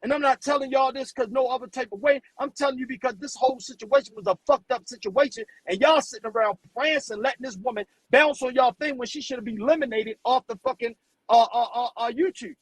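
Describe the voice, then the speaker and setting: A man's voice: very high voice, fast talker, dry recording, low-quality recording. A man hosting a live stream, delivering a blunt, profane rant and stumbling over repeated words when riled. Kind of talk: heated livestream rant.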